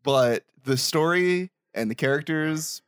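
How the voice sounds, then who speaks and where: A man co-hosting a casual podcast chat, playful and quick to laugh. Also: a little high, clean tone, dry recording, studio quality. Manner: laughs often, playful and animated. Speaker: podcast co-host.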